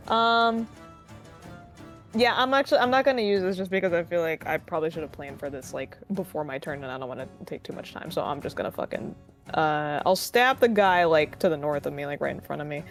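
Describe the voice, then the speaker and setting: A woman playing a tabletop game, giggly and swearing casually as she talks. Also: on the low side. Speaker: player.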